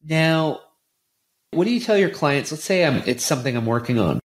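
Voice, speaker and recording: A man hosting a podcast interview, earnest and halting, often restarting his sentences. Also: fairly high pitch, animated. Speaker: podcast host. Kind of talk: conversational interview.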